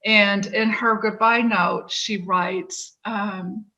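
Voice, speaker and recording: A woman guest in an interview, speaking in a slow, halting way with many pauses and restarts. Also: mid-range voice, fairly even intonation, bright, forceful tone, muffled recording. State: tearful, voice breaking. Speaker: podcast guest. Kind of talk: emotional interview conversation.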